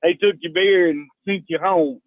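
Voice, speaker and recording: Over a tinny phone connection, a Texan man tells a folksy story as a caller to a radio program. His voice sits high and holds a steady tone at a moderate pace, with no echo.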